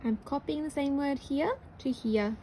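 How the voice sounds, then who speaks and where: A woman teacher sounds out words for young children, slowly and patiently. Her voice sits high but has a mellow, soft tone. A faint hiss of background noise runs under the recording. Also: poor audio. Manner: slow, sounding out words syllable by syllable; patient, encouraging. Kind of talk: early-years writing lesson.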